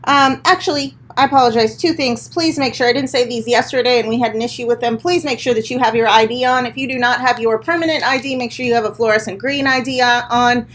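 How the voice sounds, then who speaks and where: A woman's voice: on the high side, steady tone, quick pace, hardly any pauses, a bit bright. A woman, a school principal reading the morning announcements to students in an upbeat, encouraging way. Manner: upbeat, encouraging, addresses children directly.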